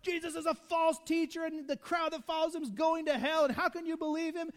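A preacher putting on sneering indignant religious leaders. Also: male voice, extremely high pitch, fairly even intonation, a little fast, pitched above the performer's own voice. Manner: mocking, heated, rising to a near shout.

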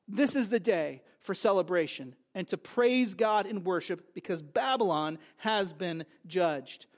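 A man's voice: sits high, lively intonation, measured pace, few pauses. A man preaching a sermon to a congregation, with emphatic repetitions and conversational asides. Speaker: pastor.

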